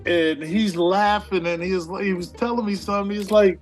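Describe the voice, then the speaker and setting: A man with a notably high speaking voice, from Hartford, tells an interview anecdote. He talks in an animated way, laughing and swearing as he goes. Faint music plays underneath. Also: normal speed, few pauses. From Hartford, Connecticut, USA. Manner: animated, laughing, profane storytelling. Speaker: former basketball player.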